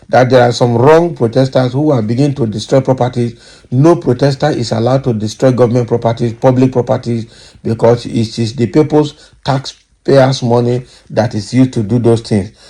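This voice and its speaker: A man's voice: medium pitch, mellow, rough recording. A man with a Nigerian English accent giving emphatic political commentary, asking rhetorical questions and reading out viewer comments. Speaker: news commentator.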